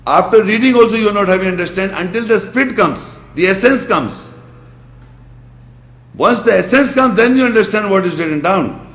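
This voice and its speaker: A man giving a religious lecture, asking his listeners pointed questions and quickly reciting Arabic verses before explaining them. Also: high-pitched, animated, a bit bright. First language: Urdu. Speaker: Islamic lecturer. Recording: echoey hall.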